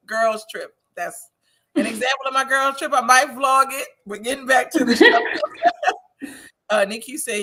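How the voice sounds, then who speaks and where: A Wisconsin woman hosts a casual TV recap show, reading viewer comments out loud, sharing strong opinions and laughing a lot. Her voice sits high and sing-song, unhurried, with a pushed, bright quality.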